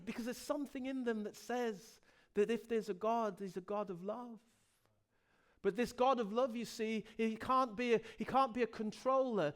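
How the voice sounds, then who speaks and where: Passionate high-voiced pastor preaching. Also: male voice. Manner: passionate, swings from loud emphasis to soft pleading; repeats words and restarts phrases. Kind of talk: sermon. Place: church.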